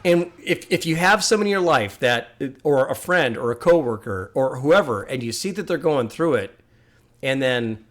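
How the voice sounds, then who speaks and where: A man hosting a music reaction video, talking in earnest, musing and at times getting heated and loud. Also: medium pitch. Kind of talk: casual reaction commentary.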